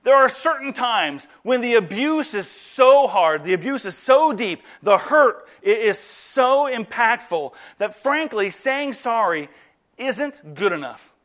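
High, bright-voiced animated male preacher. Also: takes it slowly. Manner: animated preaching, mixing humor with earnest appeals. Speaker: pastor. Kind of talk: sermon.

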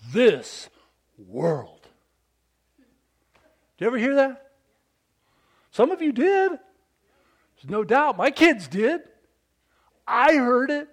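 A middle-aged man preaching a sermon in a conversational storytelling style, moving from loud emphatic bursts to hushed, almost whispered lines. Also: high voice. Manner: conversational, with restarts and storytelling asides. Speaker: pastor.

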